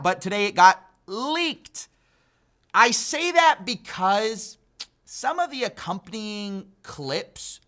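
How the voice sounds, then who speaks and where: A man's voice: high voice, pushed and bright. A man hosting an online commentary video, talking in a sarcastic, mocking way and sounding incredulous. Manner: incredulous, mocking, laughs at the news.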